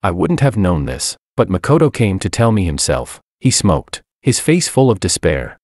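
A man reading a first-person story aloud in a steady, measured way. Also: low-pitched, no echo, studio quality. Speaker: narrator.

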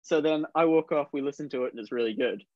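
A man's voice: a little high, fast, no room sound. A young man with a New Zealand accent, telling a story casually and laughing often as he talks. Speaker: guest snowboarder. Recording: dull dry lo-fi sound.

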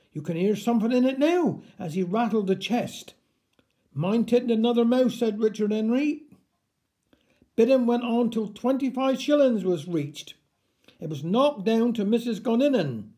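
A man reading a comic dialect story aloud in an unhurried, wry storytelling manner. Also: high-pitched, dark tone.

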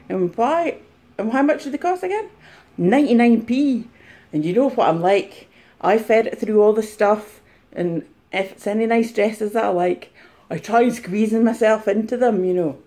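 A woman putting on a flustered, excitable female reseller in a high voice for a comic vlog skit, recorded on a mobile phone. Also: moderate pace, close to an everyday voice. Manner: high-pitched, flustered, shrieks.

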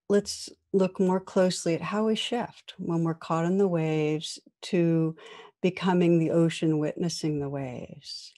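Woman meditation teacher, soft and slow, lots of pauses, guided meditation vibe. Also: fairly low pitch, steady tone. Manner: slow and gentle with long pauses.

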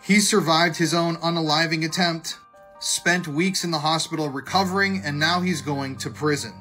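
A man's voice: fairly high pitch, fairly even intonation, moderate pace, bright, forceful tone, soft background music. A man narrating a true crime story in a blunt, opinionated way.

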